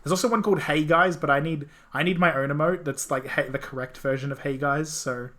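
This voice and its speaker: A man's voice: fairly high pitch, fairly even intonation, brisk, sharp tone. A man chatting casually while streaming a story game, often stumbling over his words.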